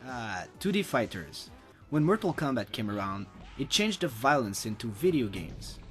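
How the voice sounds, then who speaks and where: A man's voice: medium pitch, very animated, normal speed, a bit bright. A man narrating a scripted retro game review in a wry, blunt and casually crude way. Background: game music.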